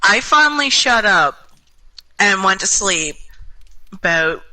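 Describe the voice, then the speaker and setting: A woman's voice: mid-range voice, very animated, slow pace, bright, forceful tone, low-quality recording. A young woman telling a rambling, self-mocking story in casual chat over voice chat while gaming. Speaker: gaming group member.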